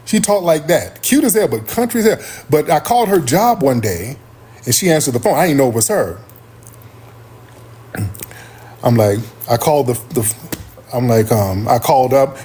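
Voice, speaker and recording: A man hosting a live stream, telling a story casually and acting out other people's voices with big pitch jumps. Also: lively intonation, fairly quick, mellow, slightly rough. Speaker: livestream host.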